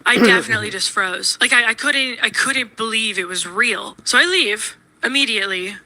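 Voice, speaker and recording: A woman telling a frightening personal story in a snarky, rapid, breathless way, full of "like"s. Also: fairly high pitch, pushed and bright. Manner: fast, breathless retelling full of "like"s; snarky, shaken. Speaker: storyteller in a played video.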